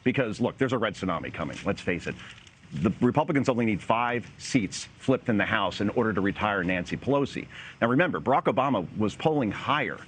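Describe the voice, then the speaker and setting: A man's voice: on the low side, lively intonation, a little fast, fairly bright tone, a little hiss or hum. A man giving pointed, sarcastic political commentary as a guest on a news panel.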